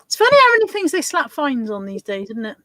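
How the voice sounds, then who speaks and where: A woman's voice: high voice, big pitch swings, fast talker, bright, forceful tone, dry recording. A woman chatting casually as co-host of a live stream, wry and self-mocking.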